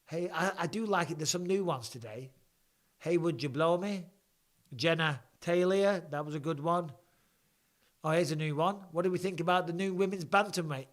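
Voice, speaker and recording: A man's voice: on the high side, normal speed. A man, hosting a casual live stream and reading viewer comments with blunt, swearing, mock-annoyed banter. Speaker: host of a live show.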